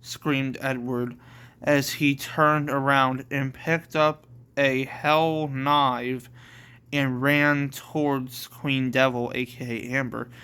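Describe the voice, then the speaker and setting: A man's voice: mid-range voice, bright, forceful tone, smooth. A man reading his own homemade story aloud, plainly and with self-corrections.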